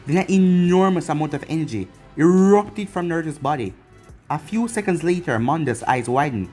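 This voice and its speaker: Male narrator reading fan fiction, husky, lively pitch, faint music behind. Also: normal speed. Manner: plain, running narration.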